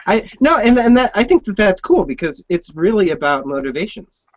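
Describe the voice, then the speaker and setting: Eager podcast host guy, kinda high voice, trips over words, dry dull audio. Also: sing-song, a little fast, no echo. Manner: enthusiastic, stumbling restarts. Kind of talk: podcast interview chat.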